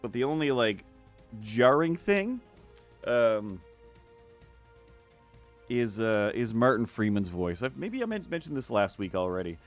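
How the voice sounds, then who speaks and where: A man chats casually as he draws on a livestream, rambling, restarting often, and slipping into silly voices. His medium-pitched voice is sing-song and unhurried, with long pauses. Faint music plays behind him.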